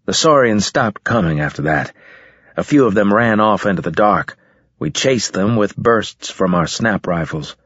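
A man reading a science fiction novel aloud in first person, in a measured, matter-of-fact way. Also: on the low side, animated, fairly bright tone, slightly rough, dry recording. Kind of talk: audiobook narration, first person. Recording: slightly dull lo-fi recording.

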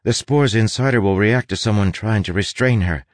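A man's voice: on the low side, normal speed, dry recording, lightly acted. A man voicing a young woman who is anxious but determined, speaking with earnest urgency. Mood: tense.

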